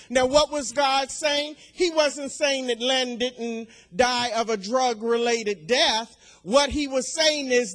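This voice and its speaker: Older woman preacher, very unhurried delivery, builds to loud repeated declarations. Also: high-pitched, fairly even intonation. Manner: slow and deliberate, swelling to loud emphatic declarations; repeats key phrases for emphasis. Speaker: speaker at a women's church gathering. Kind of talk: sermon testimony.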